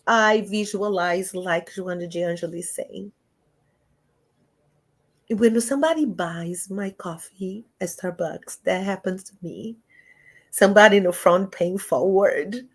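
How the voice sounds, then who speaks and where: A woman giving a lively spiritual talk over a video call, animated and often laughing, with big jumps in pitch. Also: measured pace. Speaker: guest speaker.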